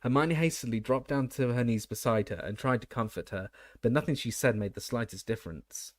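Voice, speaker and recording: A man narrating an audiobook in a steady reading voice, now and then restarting a word. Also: mid-range voice, a little fast, no echo, clean studio sound. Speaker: audiobook reader.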